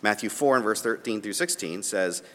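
A man preaching a sermon and reading scripture aloud, his delivery swinging from soft asides to emphatic, raised points. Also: fairly low pitch, normal speed, big-room sound. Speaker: pastor.

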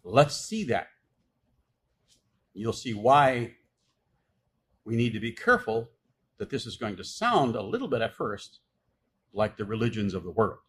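A man's voice: on the low side, big pitch swings, unhurried, pauses often, slightly rough. A man preaching a sermon, reading scripture aloud and explaining it with emphatic, insistent delivery. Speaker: pastor.

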